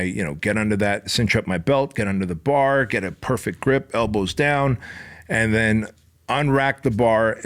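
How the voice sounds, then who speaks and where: This fairly low-pitched middle-aged man hosts a podcast, pouring out an intense, swear-filled pep talk. His speech rises into passionate passages that come close to shouting.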